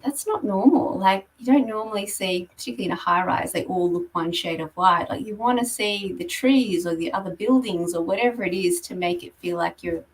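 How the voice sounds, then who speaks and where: A woman's voice: lowish voice, brisk, few pauses, recorded from a distance, rough recording. A woman giving a conversational presentation on property marketing, explaining slides with frequent ums. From Australia. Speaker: guest speaker on property marketing.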